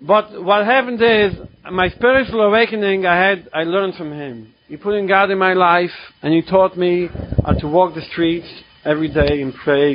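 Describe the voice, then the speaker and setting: Brief: man, high voice, emotional halting recovery testimony, dull lo-fi recording. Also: fairly even intonation, a little hiss or hum. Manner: emotional, halting, repetitive storytelling. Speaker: speaker at a recovery meeting.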